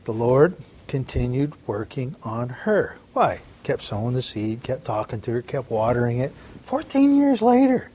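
A middle-aged man preaching a sermon, telling a personal story in an earnest way, repeating words and swinging between soft and loud. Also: mid-range voice, moderate pace, slightly rough.

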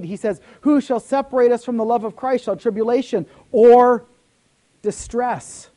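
A man preaching a sermon as pastor. He swings between loud emphatic lines and sudden soft near-whispers, with frequent repeats. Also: high voice.

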